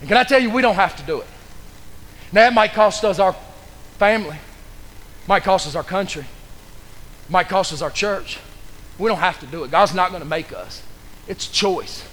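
A man's voice: high-pitched, a bit bright, in a large hall, a little hiss or hum. A man preaching a fervent sermon as pastor, pressing the congregation with repeated questions. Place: church sanctuary.

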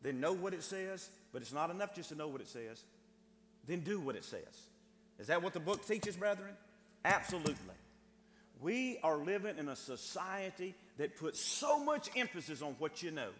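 A man's voice: on the high side, big pitch swings, normal speed, fairly bright tone, big-room sound. A man preaching a sermon as pastor, reading scripture and driving points home by repeating phrases to the congregation. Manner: emphatic preaching, repeats phrases, addresses brethren.

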